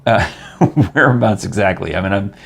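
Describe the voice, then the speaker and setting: A man's voice: on the low side, brisk, creaky, fairly bright tone. An older man from New York hosting a casual interview show, chatty and rambling, laughing often. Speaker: talk show host.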